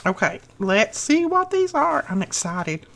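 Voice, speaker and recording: A middle-aged woman hosting a crafting channel, gushing over happy mail she unboxes in a slow, lingering way. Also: high-pitched, big pitch swings, gravelly, a bit bright. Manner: gushing, effusive.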